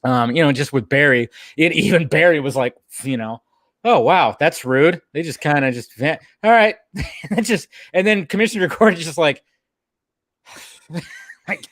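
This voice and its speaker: Laughing, animated male podcast host. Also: on the high side, moderate pace, pauses often, no room sound, studio quality. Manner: animated, laughs often while talking. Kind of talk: casual chat.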